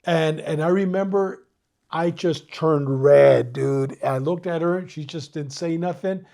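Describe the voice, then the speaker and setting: An older Mexican-born man tells stories in a relaxed interview. His voice is a touch high but warm and dark. He talks animatedly, swears freely and keeps saying "dude" and "you know what I mean.". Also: measured pace, creaky. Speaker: retired police detective, guest. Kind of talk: casual interview storytelling.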